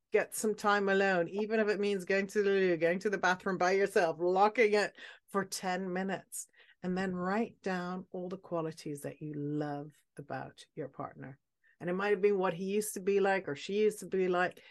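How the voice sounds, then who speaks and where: A middle-aged woman, a guest on a talk show, chatting in an animated way that swings from loud to hushed. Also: lowish voice. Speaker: guest, self-relationship coach. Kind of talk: casual interview chat.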